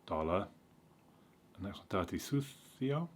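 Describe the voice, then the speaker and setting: An English vlogger with a fairly low voice talks at a fairly quick clip, casually explaining what it's like to learn a language. He rambles, corrects himself, and fills the gaps with lots of ums.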